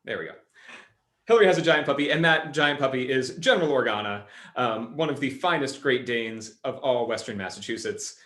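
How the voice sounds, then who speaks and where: A man's voice: medium pitch, brisk, a bit bright. An upbeat man hosting a live virtual show over a video call, introducing acts and giving cues. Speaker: performer and host. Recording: echoey room with music behind.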